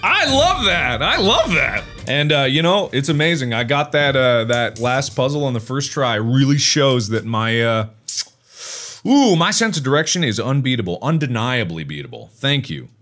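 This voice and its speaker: A man's voice: mid-range voice, moderate pace, faint music behind. A young man commentating a horror game as the video's host, yelping and mocking himself as he plays. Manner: excitable, yelping, self-mocking. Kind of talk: let's play commentary.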